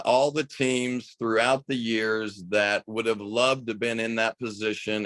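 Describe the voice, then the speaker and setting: A middle-aged man from the United States, a high school basketball coach and radio broadcaster, telling a story with enthusiasm in a podcast interview. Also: a bit bright, no room sound.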